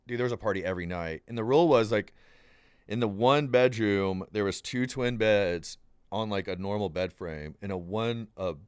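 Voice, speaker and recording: Low-voiced man telling a rambling story. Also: normal speed, clean tone, dry recording, clean studio sound. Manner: rambling and animated, acts out quoted voices, says "dude" often. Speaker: podcast guest. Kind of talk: casual storytelling.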